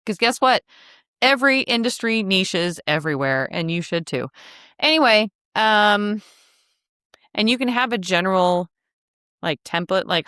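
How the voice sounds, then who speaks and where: A woman's voice: fairly low pitch, expressive, moderate pace, fairly bright tone, clear, resonant tone, dry recording, clean studio sound. A woman hosting a casual teaching podcast for travel advisors, talking in a chatty, frank way with joking asides. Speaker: podcast host, travel agency coach.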